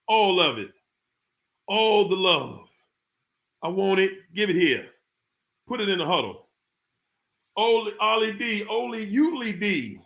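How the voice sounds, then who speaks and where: A man's voice: sits high, lively intonation, slow, gravelly, pauses often, sharp tone. A man hosting a livestream who greets viewers by name, hyped and whooping now and then. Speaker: livestream host. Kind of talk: live chat shout-outs.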